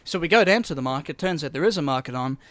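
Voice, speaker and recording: A man's voice: fairly high pitch, lively intonation, quick pace, fairly bright tone, no echo. A man co-hosting a casual podcast, rambling through stories with plenty of swearing. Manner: rambling storyteller, swears a lot. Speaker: podcast co-host.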